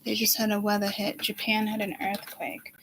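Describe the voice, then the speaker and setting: A woman hosting her own psychic channel, talking casually and thinking aloud in slow, halting bits that trail off mid-thought. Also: mid-range voice, level tone, a bit bright, rough recording. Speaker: self-styled psychic channel host. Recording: clear background noise.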